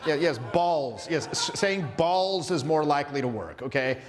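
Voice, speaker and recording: A man giving a loose, casual lesson on social skills, his voice sitting a little high for a man. He switches to goofy high voices when he acts out what people say. A long reverb hangs on his voice. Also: moderate pace. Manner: animated, acts out quotes in silly high voices. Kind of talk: casual teaching talk.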